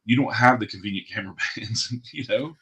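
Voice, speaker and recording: A man's voice: lowish voice, fairly quick, a crowd in the background. A man hosting a podcast in casual chat, talking bluntly and profanely in a ranting way. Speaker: podcast host.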